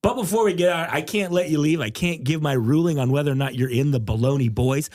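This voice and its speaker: A man's voice: a little high, quick pace, a little mellow. A man hosting a casual comedy podcast, goofy and self-mocking, with lots of filler words. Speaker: podcast host.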